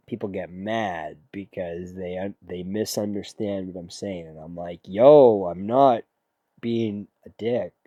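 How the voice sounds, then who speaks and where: A man's voice: fairly low pitch, a little mellow, dry recording. A man chatting casually with his stream audience between song requests, with a laid-back, sarcastic and slangy way of talking. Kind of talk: casual livestream chat.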